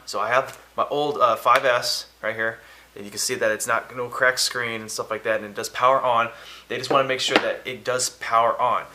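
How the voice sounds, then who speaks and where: Bright-voiced man telling a story. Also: medium pitch. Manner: rambling, quotes phone dialogue. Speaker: vlogger. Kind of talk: casual storytelling to camera.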